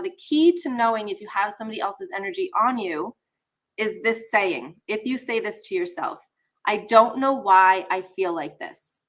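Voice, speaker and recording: A woman's voice: medium pitch, a bit bright. A woman hosting a live online session, teaching casually and talking straight to viewers while a bit under the weather. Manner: chatty, talks straight to viewers, greets chat.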